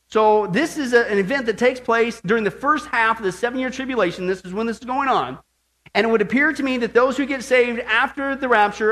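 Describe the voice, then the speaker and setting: A man's voice: very high-pitched, fairly bright tone. A man preaching a sermon, emphatic and full of rhetorical questions to his listeners. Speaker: pastor.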